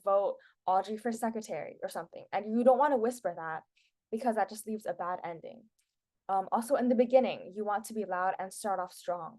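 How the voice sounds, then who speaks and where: A woman's voice: mid-range voice, a little mellow. A teenage girl presenting public speaking tips to a class in a casual, chatty way, with lots of filler words. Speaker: student presenter.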